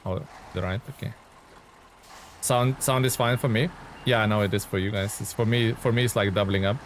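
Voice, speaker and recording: Chatty low-voiced male game streamer. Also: fairly even intonation, brisk, a little hiss or hum. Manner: chatty, greets and thanks chat while playing. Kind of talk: live gameplay commentary.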